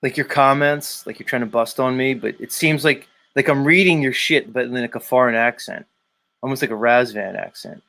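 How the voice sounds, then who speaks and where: A man's voice: medium pitch, normal speed, creaky, pushed and bright. A man hosting a daily live stream, reading viewer comments aloud and teasing commenters by name in a rambling, casual way. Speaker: livestream host reading chat.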